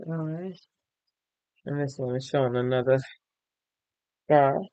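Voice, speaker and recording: A tired, yawning man hosting a crochet and knitting podcast, chatting casually as he shows his items to viewers and thinks out loud. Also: medium pitch, a little slow, smooth, no echo, highs cut off. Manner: chatty, thinks aloud, addresses viewers directly. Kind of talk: casual show-and-tell chat.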